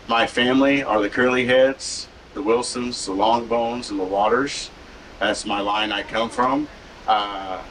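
A man's voice: medium pitch, a bit bright. A man from Oklahoma, a tribal cultural educator, speaking informally to a visiting group outdoors, joking and getting the crowd to repeat words. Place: outdoors at a waterfall site. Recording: distant mic with faint background noise.

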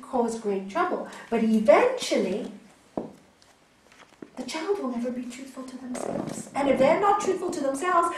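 A woman with a fairly high voice gives a spiritual teaching talk. She speaks gently but with emphasis, and she acts out the voices in her stories. She is picked up from some distance in an echoey hall, with faint ambient noise. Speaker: raja yoga teacher.

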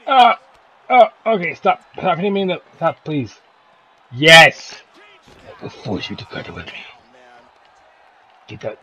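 Young guy yelling and cussing at a fight game, bright husky voice, swings up and down a lot. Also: fairly high pitch, sing-song, moderate pace, long pauses. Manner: loud, profane, jokey trash talk at the game. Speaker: gaming video host. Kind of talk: profane gameplay commentary.

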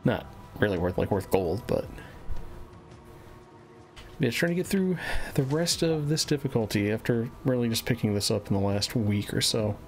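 A man giving relaxed, casual commentary as he plays a game on a live stream, muttering to himself as he goes. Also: medium pitch, moderate pace. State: a little out of breath. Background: game music.

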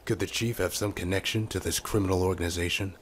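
An actor playing a hard-boiled male police detective, narrating in a gruff, dry noir style for a game. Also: deep voice, fairly even intonation, quick pace, slight background noise, close to an everyday voice. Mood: brooding. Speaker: game character.

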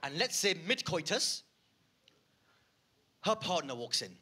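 Bright-voiced stand-up comedian. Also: male voice, sits high, slow, slight background noise. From United Kingdom. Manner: animated, swings from muttered asides to loud rants. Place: theatre stage.

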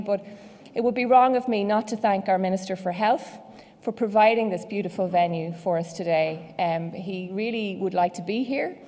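Irish woman, conference host, mellow voice, long hall reverb, chatty with fillers and restarts. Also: mid-range voice. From Ireland. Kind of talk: welcome speech.

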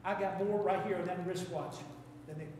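A man's voice: high voice, fairly even intonation, normal speed, recorded from a distance, noisy background. A man with an Appalachian accent preaching a sermon as pastor, with fervent, repetitive exhortations. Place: church sanctuary. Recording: echoey church hall, mic from afar.

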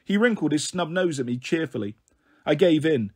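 A man reading a novel aloud in an expressive storybook style, giving voice to the characters' dialogue. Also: fairly high pitch, normal speed, slightly rough. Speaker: audiobook reader.

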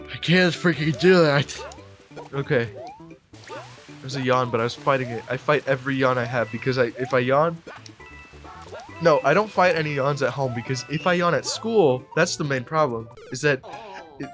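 A young man in his late teens rambles through let's play commentary, his voice sitting a little high. He breaks into sudden excited yelps now and then. Soft music plays faintly behind his close desk mic. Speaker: gamer.

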